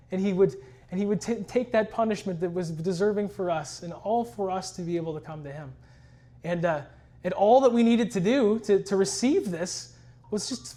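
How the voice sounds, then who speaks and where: A man's voice: high voice, mellow. A man sharing his personal testimony in an earnest, reflective storytelling way. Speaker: church member giving a testimony.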